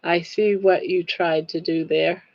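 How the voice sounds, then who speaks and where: A woman's voice: on the low side, fairly even intonation, a little slow, vocal fry, no echo, muffled recording. An older woman hosting a casual livestream, chatting, reading viewer comments aloud, laughing often and sounding touched. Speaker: livestream host.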